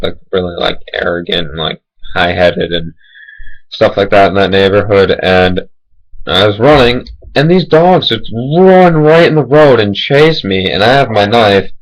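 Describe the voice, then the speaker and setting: A man's voice: low-pitched, rough recording. A young man telling casual, rambling personal stories, full of "like" and "you know". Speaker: vlogger. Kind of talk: casual storytelling.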